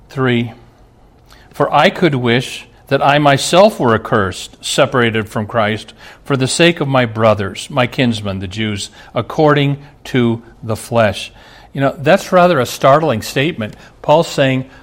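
Earnest male pastor preaching. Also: medium pitch. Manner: earnest preaching with rhetorical questions. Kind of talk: sermon.

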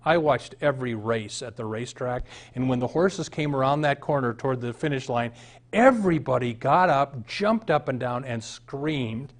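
A man's voice: mid-range voice, animated, normal speed. A middle-aged man from the American Midwest, a pastor preaching a sermon, moving from a read-aloud passage to emphatic, rising points.

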